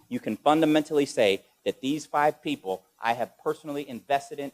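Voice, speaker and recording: Energetic male motivational speaker. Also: mid-range voice. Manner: energetic, quizzes the audience. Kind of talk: motivational lecture.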